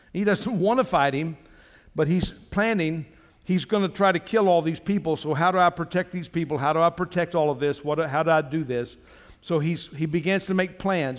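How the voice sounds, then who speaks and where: A man's voice: a little high, long reverb tail. A man pastor preaching a sermon, emphatic, climbing into fervent exhortation.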